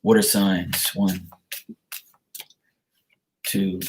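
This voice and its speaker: A man's voice: sits low, flat delivery, drawn-out words, a little hiss or hum. A man giving a live-streamed tarot card reading, talking frankly and greeting his viewers by name.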